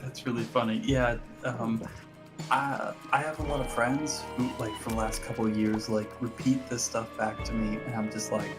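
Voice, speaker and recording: A man's voice: medium pitch, flat delivery, normal speed, soft background music. A man chatting casually on a stream, mostly giving short, laid-back reactions. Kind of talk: casual chat.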